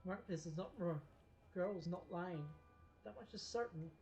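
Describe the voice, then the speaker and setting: A woman's voice: on the low side, a little fast, dark tone, faint music behind. A woman streamer reads a game's story aloud during a live stream. She breaks in now and then with casual asides. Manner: casual asides between narration.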